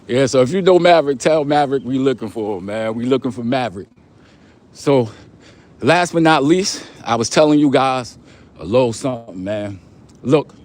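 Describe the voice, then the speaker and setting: A young man from Long Island, hosting a casual livestream, giving motivational talk in street slang and repeating his points. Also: fairly high pitch. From Long Island, New York. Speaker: livestream host.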